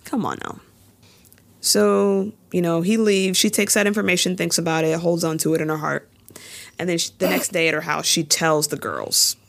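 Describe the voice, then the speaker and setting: A woman's voice: lowish voice, normal speed, gravelly. A woman co-hosting a podcast, casually recapping a TV episode and acting out the characters' lines. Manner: animated storytelling, acts out lines in quotes. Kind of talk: casual chat.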